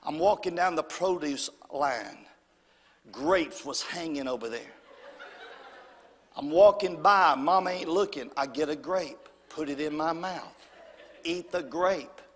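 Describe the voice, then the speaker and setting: A man from Alabama with a Southern US accent, telling folksy, humorous stories from the pulpit in an animated way. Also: on the high side, slow pace, slight background noise. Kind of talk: storytelling sermon. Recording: long hall reverb.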